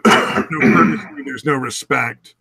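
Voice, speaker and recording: A man co-hosting a casual podcast, talking in a measured, earnest way with some swearing. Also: medium pitch, steady tone, gravelly, very noisy. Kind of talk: casual chat.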